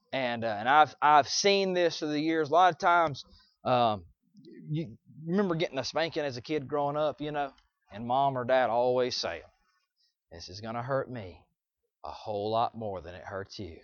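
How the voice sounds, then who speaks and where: Pastor guy preaching, kinda high voice, dry dull sound, goes soft then loud. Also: no echo. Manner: conversational preaching with many restarts, swinging from quiet to loud. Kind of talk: sermon.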